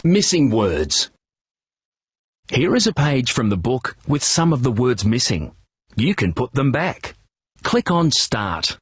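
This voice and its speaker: A man narrating a children's reading program, giving clear, encouraging instructions and praise. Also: mid-range voice, big pitch swings, slow pace.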